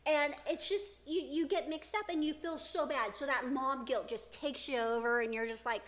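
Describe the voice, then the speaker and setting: Middle-aged mom on a podcast, high voice, rambly stories, laughs a lot. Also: female voice, moderate pace. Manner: chatty storytelling, frequent laughter. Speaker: podcast co-host, mother. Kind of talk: casual chat.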